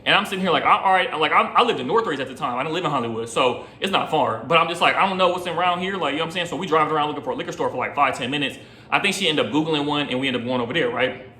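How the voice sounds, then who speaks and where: A man's voice: fairly high pitch, racing, pushed and bright, reverberant, a little hiss or hum. Slangy young man telling a story. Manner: slangy, rambling, keeps asking you know what I'm saying. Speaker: rideshare driver. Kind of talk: casual storytime.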